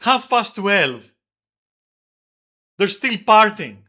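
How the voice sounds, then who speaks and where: A man streaming an angry, profane rant about his old flatmate, yelling at times. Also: sits high, very slow. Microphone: desk microphone.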